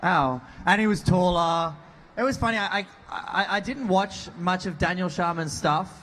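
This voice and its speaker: A man in his thirties with an Australian accent tells self-deprecating stories on a convention panel. His voice sits a bit high, and faint hall ambience is heard behind him. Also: moderate pace, fairly bright tone, slight background noise. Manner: joking, self-deprecating, storytelling. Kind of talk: casual panel talk.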